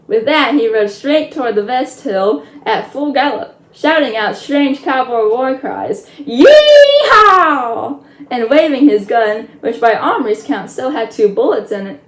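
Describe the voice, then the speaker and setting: A woman reading a children's chapter book aloud in a lively way, adding chatty asides. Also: a little high, normal speed, hardly any pauses. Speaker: storyteller. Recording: roomy echo.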